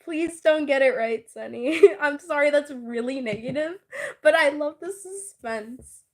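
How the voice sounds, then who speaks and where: A high-pitched woman chatting casually, drawn out and unhurried in her delivery. She giggles often and teases her friend, swearing freely. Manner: giggly, teasing, laughs often. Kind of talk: casual chat.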